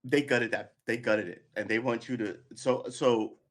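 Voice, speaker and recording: A man's voice: mid-range voice, fairly even intonation, moderate pace. A man giving live political commentary, angry and sarcastic, swearing, reading news aloud and cutting in with remarks.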